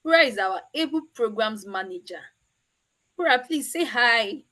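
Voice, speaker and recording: A woman's voice: a little high, lively intonation, moderate pace, fairly bright tone. A Nigerian woman hosting an online meetup over a video call, chatty and teasing. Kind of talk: casual chat.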